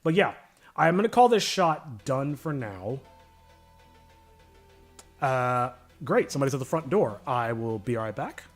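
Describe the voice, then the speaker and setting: An easygoing man of middle pitch, talking through his work in a loose, rambling way with small pauses and fillers while he answers his viewers. He sounds relaxed and unhurried, a live streamer at his desk, with faint music playing softly behind him. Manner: relaxed, thinking aloud, chatting with viewers. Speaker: streamer and animator. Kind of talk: casual live-stream chat.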